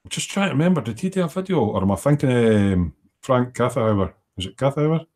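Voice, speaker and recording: A man's voice: medium pitch, expressive, fairly quick, darkish tone. A middle-aged man chatting casually and rambling as he hosts a livestream from his home workshop, reading out viewer comments as he works. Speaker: livestream host. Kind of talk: casual chat while working.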